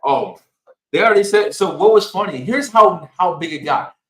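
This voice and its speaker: A man co-hosting a casual podcast chat, telling a story with lots of laughter and a lively delivery. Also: sits high, moderate pace, echoey room, a little hiss or hum, rough recording. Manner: animated storytelling with frequent laughter. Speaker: podcast co-host.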